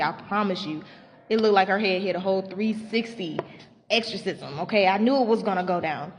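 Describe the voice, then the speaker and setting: A woman's voice: mid-range voice, big-room sound, a little hiss or hum. A woman casually telling a story about her school job, swearing freely and acting out the people she quotes. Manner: animated, profane, acts out quotes.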